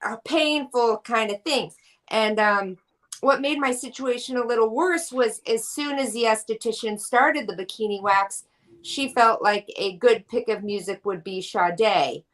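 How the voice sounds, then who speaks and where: A woman's voice: fairly high pitch, measured pace, a bit bright, low-quality recording. A woman comedian telling a joke in a hesitant way, with many ums and uhs before she gets to the point. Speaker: comedian guest.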